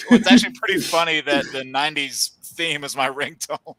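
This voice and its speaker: A man's voice: a little high, brisk, over a noisy crowd. A man co-hosting a live stream, chatting casually and asking questions. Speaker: guest co-host.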